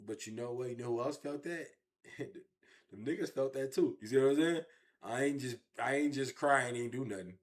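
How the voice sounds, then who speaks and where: A man telling his own story in an interview, animated and repetitive, with heavy street slang. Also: mid-range voice, normal speed. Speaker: interview guest.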